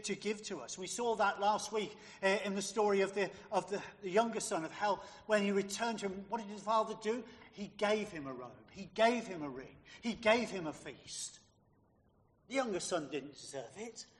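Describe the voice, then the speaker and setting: A man's voice: high voice, in a large hall. A man preaching a sermon, emphatic and fond of rhetorical questions put to his listeners.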